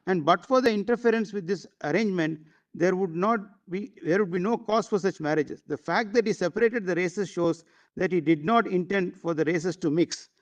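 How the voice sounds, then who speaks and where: Man, high voice, formal courtroom argument, deferential to the bench. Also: normal speed. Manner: formal, constantly addressing the bench, hesitant fillers. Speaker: advocate arguing before judges.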